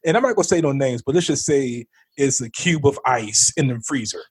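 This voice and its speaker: A man's voice: mid-range voice, a little fast, breathy edge, no room sound. A man co-hosting a casual political talk show, animatedly recounting arguments and acting out the other side. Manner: animated storyteller, acts out arguments. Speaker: podcast co-host.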